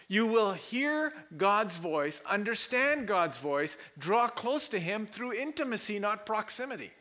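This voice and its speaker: A man's voice: high voice, a bit bright. A man preaching a sermon to a live congregation, telling personal stories, laughing often and mimicking voices. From Pakistan. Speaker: pastor.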